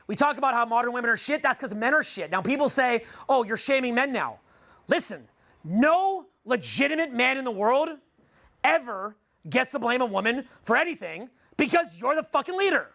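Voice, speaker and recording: Very high-pitched, gravelly Canadian man. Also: sharp tone, dry recording. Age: 40s. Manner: profane, blunt, rhetorical questioning of the audience. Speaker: seminar speaker. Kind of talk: live seminar talk to a room.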